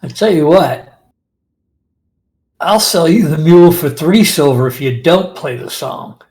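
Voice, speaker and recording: A man's voice: a little high, expressive, measured pace, a little mellow. Blunt river fisherman, wary of strangers, played by a man, voice a little raised.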